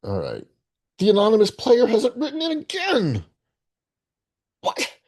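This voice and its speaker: Man, 60s, solo host. Mellow tone, lively pitch, playful self-talk. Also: a little slow. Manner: playful, rambling, talks to himself. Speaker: game-playing video host. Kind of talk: casual solo commentary.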